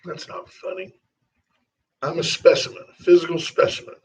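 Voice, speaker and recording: A man's voice: a little high, fairly even intonation, normal speed. A man co-hosting a casual morning radio show, joking and dropping into comic voices. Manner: jokey, slips into comic voices. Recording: distant, dull lo-fi sound.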